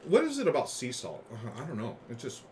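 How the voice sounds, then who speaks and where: A man's voice: medium pitch, huge pitch swings, brisk, a little mellow, slight background noise. A man co-hosting a livestream about a board game, chatting casually with a partner and viewers, often laughing. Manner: chatty, laughing, talks with mouth full. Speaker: game show co-host.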